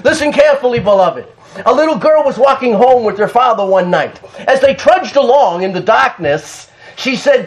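A male pastor preaching a sermon, fervent and emphatic, bursting into shouts and laughter. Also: extremely high pitch, animated, normal speed.

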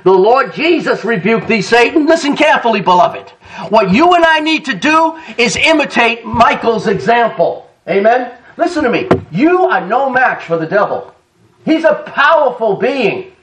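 Animated preacher man with a lively voice. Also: very high-pitched, distant mic. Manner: animated storytelling preacher, laughs and acts out quotes. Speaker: pastor. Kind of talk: sermon.

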